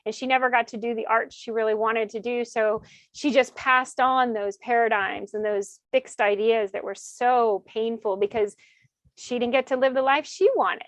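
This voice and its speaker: A woman's voice: on the high side, steady tone, moderate pace, dry recording. A woman in her fifties hosting a podcast, speaking in an earnest, reflective way. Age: 50s. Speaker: podcast host. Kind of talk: interview conversation.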